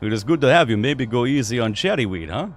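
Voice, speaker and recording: A man playing a jovial male tavern keeper who talks loudly in a high put-on voice with broken grammar. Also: lively intonation, fast, close to an everyday voice. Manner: broken grammar, dropping articles; loud and high-pitched.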